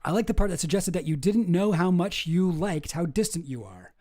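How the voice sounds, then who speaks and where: Male host with a high voice, casual and musing, reading through papers and thinking out loud. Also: animated, brisk, few pauses. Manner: musing, hesitant, thinking aloud. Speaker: online show host. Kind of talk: casual commentary while reading documents.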